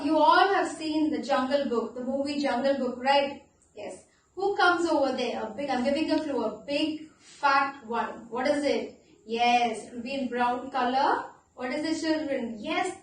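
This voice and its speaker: A woman teaching a class of young children, with an Indian English accent, animated and playful, asking questions and spelling words out slowly. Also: sits high, very echoey, recorded from a distance, a little hiss or hum, poor audio. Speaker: primary school teacher.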